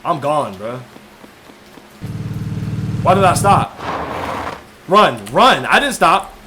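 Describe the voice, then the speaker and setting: A man giving casual gameplay commentary, excitable, slangy and joking. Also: on the high side, takes it slowly, noisy background. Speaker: gaming YouTuber.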